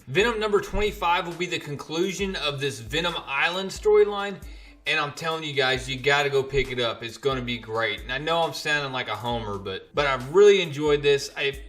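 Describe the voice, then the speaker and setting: A man's voice: mid-range voice, a bit bright. A man recapping and reviewing a comic book in a casual, enthusiastic, chatty vlog.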